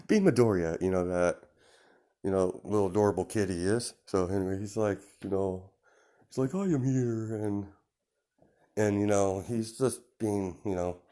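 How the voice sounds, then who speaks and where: Deep-voiced man rambling through a story. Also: mellow. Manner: rambling, lots of fillers. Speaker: fan story narrator. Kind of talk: improvised storytelling.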